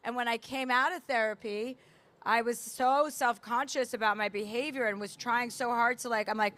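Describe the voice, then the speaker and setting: A woman author speaking candidly onstage at a book festival, talking fast with many fillers and restarts. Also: a little high, fairly even intonation, a bit bright. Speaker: author and guest. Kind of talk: onstage conversation. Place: festival stage.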